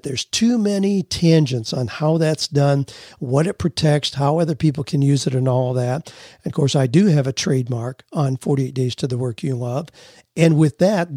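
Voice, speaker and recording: Husky-voiced folksy male radio host. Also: on the high side, a little mellow, dry recording, studio quality. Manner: folksy, explains with everyday examples; reads listener letters aloud. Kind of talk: conversational radio advice talk.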